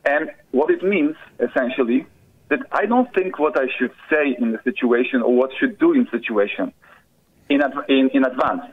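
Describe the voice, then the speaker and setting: Polish-accented man calling in, husky. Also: mid-range voice. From Poland. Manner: halting, many fillers like "you know". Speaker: caller. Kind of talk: casual call-in chat. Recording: muffled phone call-in line.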